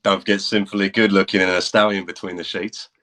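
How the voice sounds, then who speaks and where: A man's voice: sits low, flat delivery, brisk, fairly bright tone. A man voicing a cocky young male rock star with a Manchester accent that slides into Cockney, in a duet audiobook reading. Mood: smug. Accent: Manchester slipping into Cockney.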